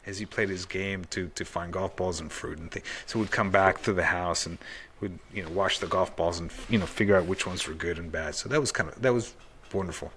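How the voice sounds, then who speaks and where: A man's voice: low voice, fairly quick, a bit bright, a little hiss or hum. A man hosting a podcast, chatting casually and rambling through personal anecdotes. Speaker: podcast host. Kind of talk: casual conversation.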